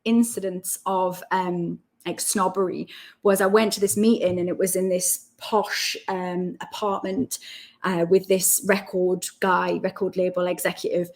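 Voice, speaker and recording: Woman, Geordie accent, chatty, lively storyteller, interview guest. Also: fairly low pitch, unhurried. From Newcastle, North East England. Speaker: guest, self-development coach. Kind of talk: casual interview chat.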